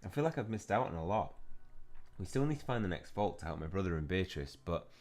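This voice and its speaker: A young gaming channel host casually comments on a mobile game while playing, reading the characters' lines aloud and reacting to them in a chatty way. His voice is low, sing-song, fast and a little mellow, with faint game music behind him.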